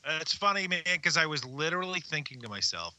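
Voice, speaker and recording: A man's voice: fairly high pitch, very animated, fairly quick, bright, forceful tone. A man co-hosting a casual movie podcast from home, chatty and agreeable. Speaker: podcast co-host. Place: home basement.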